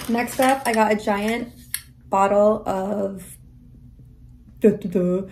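A woman's voice: medium pitch, fairly even intonation, extremely slow, darkish tone. A young adult woman chatting casually in a haul vlog, enthusiastic and sometimes dropping into a half-whisper. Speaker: vlogger.

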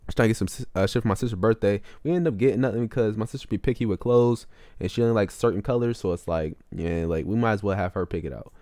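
In studio-quality audio without echo, a fast-talking young man tells a rambling, casual story for his vlog. His slangy speech is full of fillers, and he's animated, his pitch leaping up suddenly.

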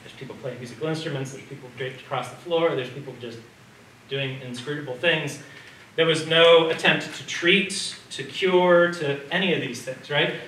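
In a community hall or lecture room, a man with a fairly high, sharp voice gives a slide lecture at a moderate pace. He keeps it conversational, often checking in with the audience and asking them questions. The recording sounds roomy and distant, with faint background noise.

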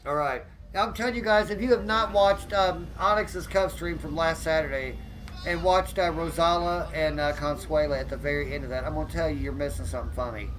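A man live-streaming a police game, joking loudly and thanking viewers by name. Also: on the high side, a little fast, a little hiss or hum, poor audio.

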